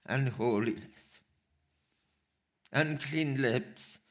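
A man preaching a sermon, slow and emphatic, repeating phrases for weight. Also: fairly high pitch, fairly bright tone.

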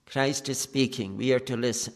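A man preaching a sermon, earnest and pleading, with long pauses between phrases. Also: mid-range voice, fairly even intonation. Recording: long reverb of a church hall.

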